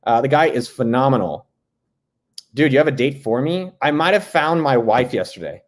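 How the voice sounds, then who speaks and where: A man's voice: medium pitch, animated, moderate pace. A man hosting a casual live stream from home, joking loosely and greeting viewers by name. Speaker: host. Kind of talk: casual livestream chat.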